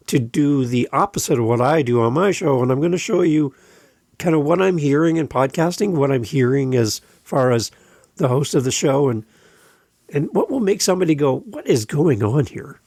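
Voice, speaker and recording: A man on a podcast coaches listeners on running their shows. His voice sits a little high with a gravelly edge, and he drives each point home with emphatic repetition. He is recorded close on a dry mic. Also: a little mellow, dry recording. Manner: direct and emphatic, repeats key points. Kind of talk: podcast advice talk. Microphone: close studio microphone.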